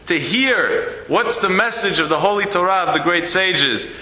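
A rabbi with a somewhat high, bright voice tells a lively story from the pulpit, acting out each exchange. The sound rings in an echoey hall. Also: male voice, normal speed. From United States. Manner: animated storyteller acting out dialogue. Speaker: rabbi lecturer. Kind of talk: storytelling sermon. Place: synagogue hall.

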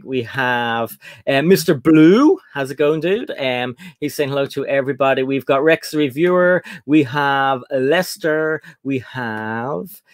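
A man's voice: medium pitch, no echo. A man hosting a casual live stream, greeting viewers by name with plenty of ums and uhs. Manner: chatty, reads out chat names with fillers. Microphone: desk setup, computer far away.

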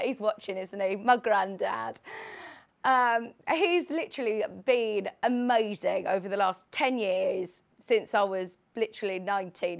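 A woman in her late twenties presenting a live sewing shopping show from a studio, chatty, bubbly and excitable. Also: fairly high pitch, gravelly. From United Kingdom. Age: late 20s.

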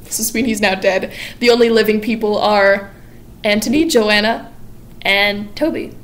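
A woman hosting a casual vlog, retelling a story in a chatty way and slipping into quick voices for the characters. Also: medium pitch. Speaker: channel host. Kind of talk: casual plot summary vlog.

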